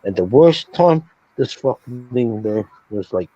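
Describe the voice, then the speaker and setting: A man's voice: medium pitch, lively intonation, measured pace, mellow, no room sound. A man telling a sleep paralysis story on a casual stream, swearing a lot and acting out sounds and his own reactions. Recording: dull lo-fi stream audio.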